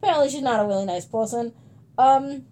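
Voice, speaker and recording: A woman's voice: high-pitched, quick pace, dark tone. A young woman in casual chat, rambling through stories, acting out quotes and swearing freely.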